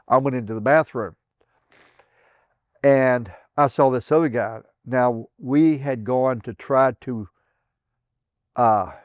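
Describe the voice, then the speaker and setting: A man's voice: darkish tone, dry recording. An older man from southern Indiana, a veteran telling his memories in an oral history interview, rambling with restarts and chuckles. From southern Indiana, USA. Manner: acts out quoted voices with raised pitch.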